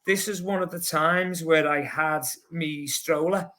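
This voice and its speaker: A man with a Scouse accent, a podcast guest telling a rambling, lively story full of fillers. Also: fairly high pitch, a little slow. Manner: lively, rambling, heavy with fillers like "you know". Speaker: podcast guest, long-distance runner. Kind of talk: casual anecdotal storytelling.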